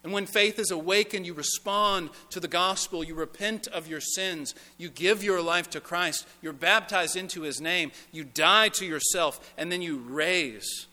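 A man's voice: high-pitched, unhurried, few pauses. Earnest preacher man in a reverberant church. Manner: preaching with swells of intensity and hushed, earnest pleading. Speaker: pastor. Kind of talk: sermon. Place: church sanctuary. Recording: church sanctuary with long reverb.

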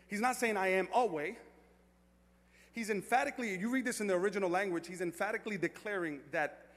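A man preaching a sermon as pastor, moving from quiet reflection to loud, excited storytelling. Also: on the high side, big-room sound.

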